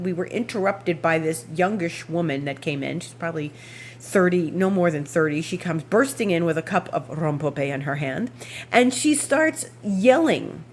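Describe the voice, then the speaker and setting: A woman hosting an astrology show, telling a rambling, animated story with frequent laughs and asides. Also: on the low side, slight background noise. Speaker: astrology podcast host. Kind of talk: casual anecdotal storytelling.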